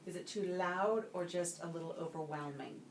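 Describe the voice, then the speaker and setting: A woman speaks hesitantly and unsure of herself, in a lowish voice. She is heard from a distance in an echoey room with a faint hiss. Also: moderate pace.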